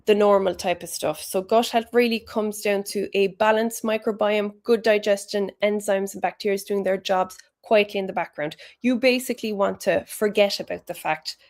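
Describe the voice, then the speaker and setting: A woman's voice: medium pitch, steady tone, moderate pace, hardly any pauses, darkish tone. A woman giving a chatty, encouraging health talk. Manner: chatty and encouraging, with British slang. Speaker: health educator.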